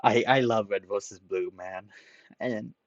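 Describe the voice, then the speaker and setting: Young man, very low voice, tearful solo reviewer, rambling delivery, dry close sound. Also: steady tone, no room sound, highs cut off. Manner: rambling, halting with repeats and ums. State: tearful, emotional. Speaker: video reviewer.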